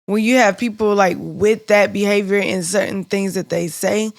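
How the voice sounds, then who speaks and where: A woman's voice: mid-range voice, steady tone, moderate pace, gravelly. A woman co-hosting a casual podcast, chatty and full of "like", laughing often. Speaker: podcast co-host.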